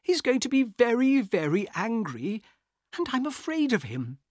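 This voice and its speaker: A man voicing a desperate, frightened young woman in a storybook, speaking high and pleading. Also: takes it slowly, pushed and bright, slightly rough, no room sound, studio quality, exaggerated voice.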